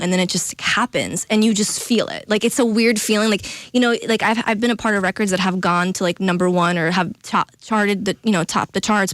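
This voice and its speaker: A young woman guest on a radio show, talking in a quick, chatty way with lots of "like" and "you know". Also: mid-range voice, dry recording, studio quality. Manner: fast, chatty, heavy use of "like". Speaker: guest singer-songwriter. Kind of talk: casual radio interview chat. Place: radio studio.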